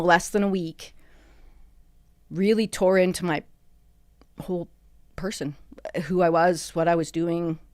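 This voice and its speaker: A middle-aged woman, a podcast guest recounting a hard time in a halting, emotional way with many restarts. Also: on the low side, no echo, clean studio sound. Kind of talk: personal interview. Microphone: studio microphone.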